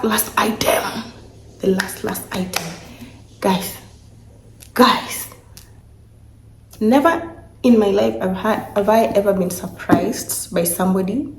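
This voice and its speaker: Young female vlogger, unhurried and emotional, gravelly voice in a roomy space. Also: medium pitch. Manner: emotional, gushing, repeats herself. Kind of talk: casual vlog, unboxing gifts. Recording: echoey room, faint noise.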